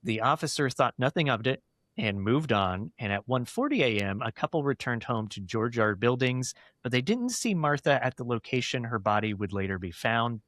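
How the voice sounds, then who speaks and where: A male podcast host recounting historical cases in detail in a casual, animated way, quick to laugh. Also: mid-range voice, dry recording, studio quality. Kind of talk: podcast chat, storytelling.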